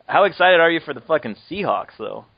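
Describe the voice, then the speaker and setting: A man's voice: fairly high pitch, very animated, a little fast, no echo, highs cut off. A man hosting a podcast, chatting casually and joking around, laughing often as he rambles. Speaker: podcast host. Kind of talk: casual chat.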